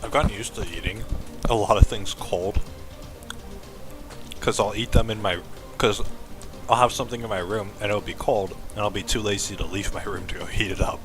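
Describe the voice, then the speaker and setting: A man's voice: on the low side, fairly even intonation, normal speed, music in the background, low-quality recording. A young adult man streaming, chatting casually in a rambling, self-deprecating way with frequent laughs.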